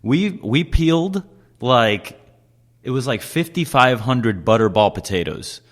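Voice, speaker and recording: A young man hosting a casual chat, telling animated stories and swearing often as he acts out quotes. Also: mid-range voice, measured pace. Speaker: podcast host, chef.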